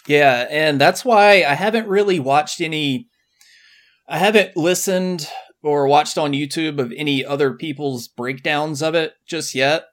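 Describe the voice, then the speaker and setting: A man with a slightly high voice chats in a relaxed, agreeable way as a podcast co-host. His talk is loose and conversational, with the odd filler. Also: unhurried. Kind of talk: casual movie review chat.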